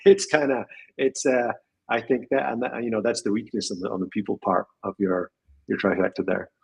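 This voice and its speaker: Husky guy on a podcast, thinking out loud, trails off, little chuckles. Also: fairly low pitch, fairly even intonation, fairly quick, low-quality recording. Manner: reflective, trails off, chuckles while speaking. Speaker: podcast guest. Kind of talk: casual chat.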